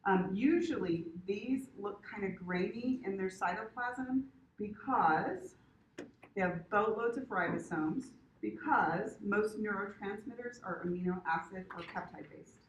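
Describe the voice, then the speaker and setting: A woman's voice: mid-range voice, a little slow, highs cut off, a little hiss or hum. A woman teaching an anatomy class in a classroom, casual and chatty, often checking in with the students and swearing mildly. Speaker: anatomy instructor. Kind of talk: classroom lecture.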